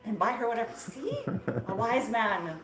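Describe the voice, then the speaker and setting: A woman hosting a casual live stream while making marshmallows, chatty and playful and quick to laugh. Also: a little high, animated, fairly bright tone, soft background music. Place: small home studio kitchen. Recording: echoey room.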